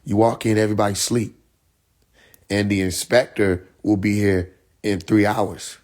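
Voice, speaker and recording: A man's voice: on the low side, unhurried. A man ranting in a casual live-stream monologue, blunt and full of profanity, acting out the people he quotes as he tells a long analogy. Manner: animated storyteller who acts out the people he quotes; heavy profanity, blunt and exasperated. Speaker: livestreamer.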